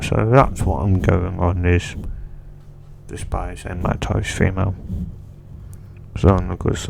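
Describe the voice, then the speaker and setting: A man's voice: sits low, gravelly, darkish tone, slight background noise. A man rambling casually about a fan theory, hesitant and full of restarts. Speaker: fan video creator.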